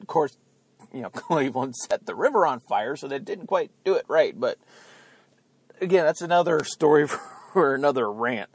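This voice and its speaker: A man's voice: on the high side, animated, moderate pace, slightly rough, no echo. A man hosting his own podcast with a rambling political rant, chatty and sarcastic, often laughing at his own jokes. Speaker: podcast host. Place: outdoors near beeping buses.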